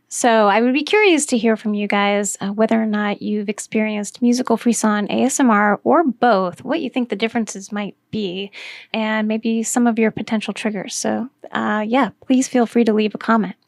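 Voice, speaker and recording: Woman, podcast host, gravelly voice, fairly high pitch, enthusiastic casual explainer. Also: fairly even intonation, moderate pace, no room sound. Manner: enthusiastic, conversational with fillers.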